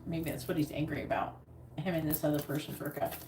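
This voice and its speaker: Low-voiced woman giving psychic readings. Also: fairly even intonation, quick pace, darkish tone. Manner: repetitive chanting of questions, casual asides. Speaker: psychic reader. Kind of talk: live-streamed psychic reading. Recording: echoey room with background noise.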